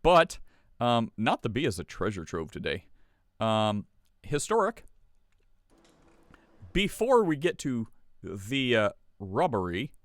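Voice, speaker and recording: A man's voice: mid-range voice, sing-song, takes it slowly, long pauses, dry recording, clean studio sound. A man hosting a podcast in casual chat, sarcastic and laughing often as he reads stories aloud. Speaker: podcast host.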